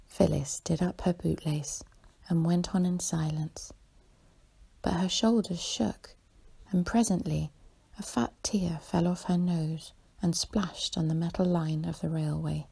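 A woman reading a sleep story aloud in a calm, hushed whisper. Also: fairly low pitch, unhurried. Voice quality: husky, creaky whisper. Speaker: bedtime story reader.

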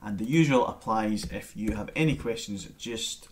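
A man giving a relaxed, chatty live-streamed bagpipe lesson from home into his camera mic. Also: fairly low pitch, moderate pace, a little hiss or hum. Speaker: bagpipe teacher.

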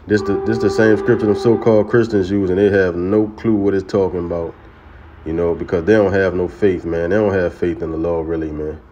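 A man teaching scripture in a casual way, often saying "man" and "you know" and chanting sacred names slowly. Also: sits low, steady tone, mellow, dull audio, a little hiss or hum. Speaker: religious teacher.

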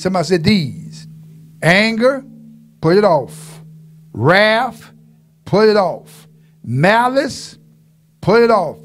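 High, gravelly-voiced preaching man. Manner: preaching with call-and-response, swinging from low asides to shouts; folksy, joking, drawls asides to the walls. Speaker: pastor. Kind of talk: sermon.

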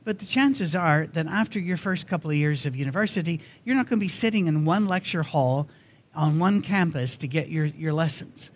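A man's voice: a little high, lively intonation, moderate pace. A man preaching a sermon in a church, telling stories in a conversational manner. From Scotland. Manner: conversational, storytelling.

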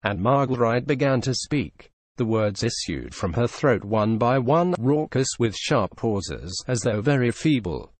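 Expressive male audiobook narrator. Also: mid-range voice, a little slow, hardly any pauses, no room sound. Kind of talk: scripted narration.

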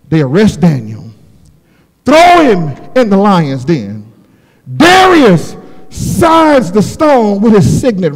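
Male preacher, very high and animated pitch; impassioned storytelling with shouted peaks. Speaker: pastor. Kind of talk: sermon. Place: church sanctuary. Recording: long hall reverb.

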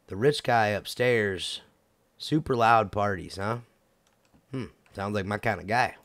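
A man's voice: mid-range voice, vocal fry, fairly bright tone. A man giving casual let's-play commentary, goofy and chatting to the game characters as he plays. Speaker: gameplay commentator.

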